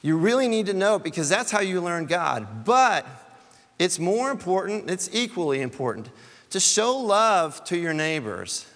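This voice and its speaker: A man preaching a sermon in a church, his fairly high voice carried by a long hall reverb. He talks conversationally, repeats words as he goes, and builds to emphatic peaks. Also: big pitch swings, normal speed, a bit bright.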